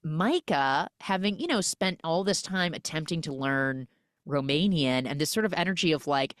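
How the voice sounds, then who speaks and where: A woman's voice: fairly low pitch, normal speed, no echo, studio quality. A woman hosting a casual movie recap podcast, retelling scenes with lots of "like" and acting out what characters say. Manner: animated retelling that acts out characters' lines; frequent filler "like". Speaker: podcast host.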